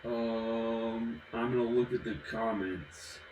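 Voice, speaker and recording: Slow, rambling man from the South, roomy echo. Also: medium pitch, fairly even intonation, background noise. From American South. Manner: rambling, giggly, drifts between topics. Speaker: vlogger. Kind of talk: casual rambling vlog while drinking.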